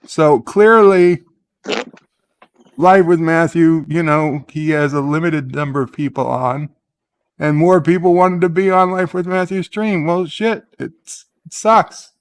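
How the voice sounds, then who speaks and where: A man hosting a casual morning live-stream, rambling through his thoughts and stopping to read viewer comments aloud. His voice sits a little high for a man. The sound is dry and close. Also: fairly even intonation, a little slow, smooth, dry recording. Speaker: host.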